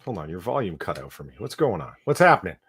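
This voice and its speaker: A man joining a livestream as a guest, trading wry, deadpan jokes in casual chat. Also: deep voice, fast, slightly rough. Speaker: stream guest.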